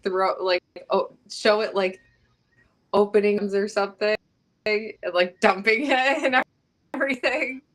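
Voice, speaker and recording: A woman chatting as a guest on a live stream, excited and filling her talk with "like". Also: medium pitch, unhurried. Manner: excited, fills speech with "like". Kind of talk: casual chat.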